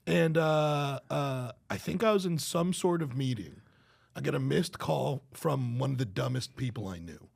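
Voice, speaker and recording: A man guesting on a podcast, telling stories in a casual, profane, animated way and laughing often. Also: medium pitch, unhurried, creaky. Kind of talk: casual chat.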